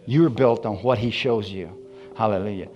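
A man preaching a sermon, telling his story with lively acted-out dialogue. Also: on the low side, normal speed, lo-fi sound, over music. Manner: animated storytelling, acting out dialogue. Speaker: pastor.

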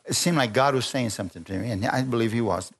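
A man preaching a sermon, telling stories with lively energy, stopping often to restart phrases and calling for amens. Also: medium pitch, quick pace, breathy edge. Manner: animated storytelling with frequent restarts and calls for amen.

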